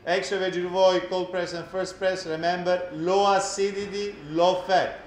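A man's voice: high-pitched, level tone, moderate pace, echoey room, slight background noise. A man with an Italian accent hosting a live cooking class, joking and exclaiming in Italian.

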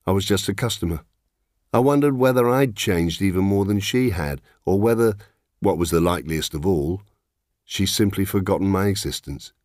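A man's voice: sits low, normal speed, darkish tone, no room sound, studio quality. A middle-aged man narrating in the first person, wry, reflective and plain-spoken.

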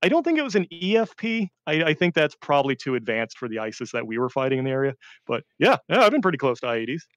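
A man, a veteran, telling war stories in a rambling casual chat, often laughing and swinging between deadpan and excited. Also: fairly high pitch, fast, no echo, lo-fi sound. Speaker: veteran storyteller.

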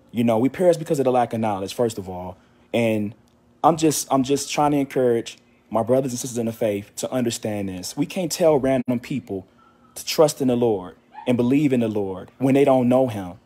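Winded guy preaching to his channel, earnest and repetitive, warm mellow tone. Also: medium pitch, a little fast. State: out of breath after walking. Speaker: faith channel host. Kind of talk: informal faith exhortation.

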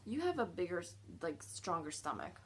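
A woman's voice: lowish voice, very animated, moderate pace, background noise. A young woman vlogger chatting casually at home, prone to squealing dramatic disgust. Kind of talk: casual chat, jelly bean challenge.

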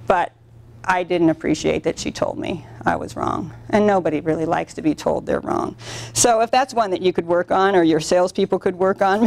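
A middle-aged woman leading a sales training workshop, telling stories in an animated way and acting out the quotes. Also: medium pitch. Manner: animated storytelling with acted-out quotes. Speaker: workshop instructor.

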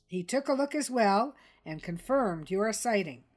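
Calm jungle reporter creature, pointed, persistent, storybook voice, read by a woman. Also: mid-range voice, a little slow, pitched above the performer's own voice.

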